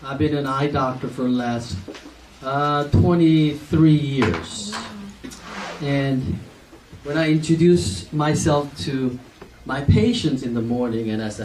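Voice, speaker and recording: A man in his forties, an eye doctor, telling a chatty story to an audience, laughing often and acting out what people said. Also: mid-range voice. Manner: slow, chatty, laughs often, acts out dialogue. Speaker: optometrist speaking at a company event. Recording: echoey hall from far off, faint noise.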